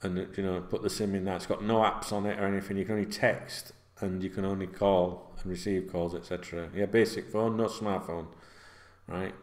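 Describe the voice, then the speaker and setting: Seated at home, a middle-aged football vlogger talks in a loose, chatty ramble full of swearing and fillers. The low voice is flat in delivery and a little fast, with echo from the room.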